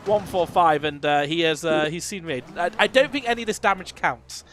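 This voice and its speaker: A fairly high-voiced man calls a live sim rally stream. He talks loosely, with plenty of fillers as he follows the cars. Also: fairly quick, a bit bright, a little hiss or hum. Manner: chatty, thinks aloud with fillers. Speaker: rally commentator. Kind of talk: live esports commentary.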